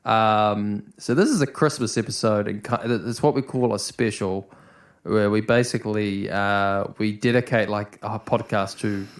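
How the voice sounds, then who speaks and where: A man's voice: on the low side, steady tone, measured pace. Rambling man hosting a casual podcast. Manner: rambling, full of restarts and casual swearing. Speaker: podcast host.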